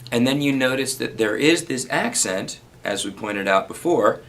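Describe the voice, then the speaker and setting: A man giving a relaxed spoken guitar lesson, explaining strumming and counting beats out loud. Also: medium pitch, normal speed, low-quality recording. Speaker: guitar teacher.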